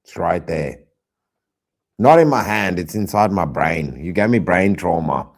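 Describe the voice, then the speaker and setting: A man streaming reaction commentary, exasperated and loud, repeating himself and swearing often. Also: sits low, expressive, measured pace, vocal fry.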